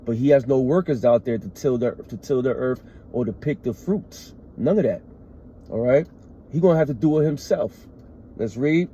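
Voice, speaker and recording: A man preaches scripture in a very dark, mellow voice and stresses his points hard. He reads a verse aloud and then explains it. The recording sounds muffled, with faint noise behind him. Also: medium pitch, moderate pace. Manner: emphatic, repeats "all right" and "man". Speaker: street preacher. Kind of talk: scripture teaching.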